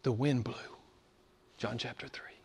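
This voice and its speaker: A man preaching a sermon. He asks the audience rhetorical questions, repeats phrases for emphasis, and swings between loud emphatic peaks and hushed, near-whispered asides. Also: medium pitch, steady tone, a little slow, vocal fry, breathy edge.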